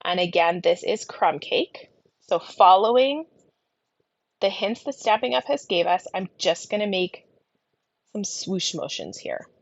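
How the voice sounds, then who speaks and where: Gravelly-voiced woman with a lingering cough. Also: medium pitch, expressive, a little slow, no echo, highs cut off. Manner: talks while colouring, often trailing into soft murmurs. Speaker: card-making instructor. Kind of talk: casual craft tutorial narration.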